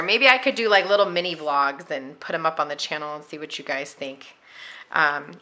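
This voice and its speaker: A woman with a very bright, tense voice pitched on the low side talks casually to her viewers at home. She rambles and circles back on herself, full of little fillers, as she decorates her planner. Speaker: planner vlogger.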